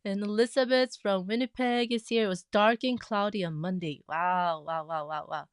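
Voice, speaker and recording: Chatty lady on a craft livestream, dry close mic, gets excited saying hi to folks. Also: medium pitch, normal speed, clean tone, dry recording. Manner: chatty, greets viewers with bursts of excitement. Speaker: livestream host of a quilting group. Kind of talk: casual livestream chat.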